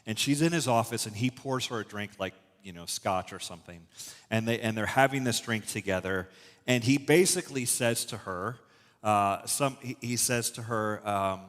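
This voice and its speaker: Animated male pastor in a reverberant church. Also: lowish voice, normal speed. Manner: conversational, animated storytelling with frequent restarts. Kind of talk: sermon. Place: church auditorium. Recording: long hall reverb from a church room.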